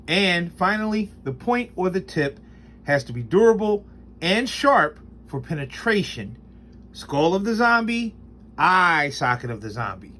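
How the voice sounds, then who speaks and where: Knife-review host, male, a touch high-voiced, talks loosely with chuckles, punches up the key points. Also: fairly bright tone, slight background noise. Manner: rambling, chuckling, emphatic when listing rules. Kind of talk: casual spoken product review.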